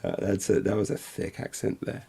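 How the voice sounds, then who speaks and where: Brief: man, low gravelly voice, rambling self-deprecating stream chat. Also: level tone, normal speed, warm tone, a little hiss or hum. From Essex, England. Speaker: livestream co-host. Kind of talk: casual chat while painting.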